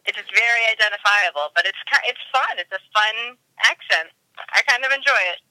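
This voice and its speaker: A woman guest chats on a podcast with animated, lively intonation. Her voice is very bright and forward. The recording is dry, with no room sound. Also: medium pitch, fairly quick, dry recording, low-quality recording. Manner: animated, chatty, laughs readily. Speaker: guest, obstacle racer. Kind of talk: casual chat.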